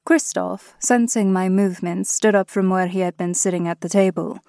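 A woman narrating a first-person fantasy audiobook in a measured, steady way. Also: medium pitch, vocal fry, dry recording, clean studio sound.

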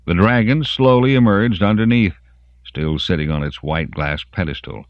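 A man narrating an audiobook in an expressive storytelling manner. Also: sits low, normal speed, no echo. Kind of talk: scripted narration. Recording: dry, muffled lo-fi audiobook.

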